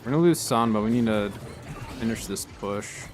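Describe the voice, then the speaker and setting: Lowish-voiced man streaming a game. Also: moderate pace, background noise. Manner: relaxed, explains tactics while playing, bursts of excitement in fights. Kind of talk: casual gameplay commentary.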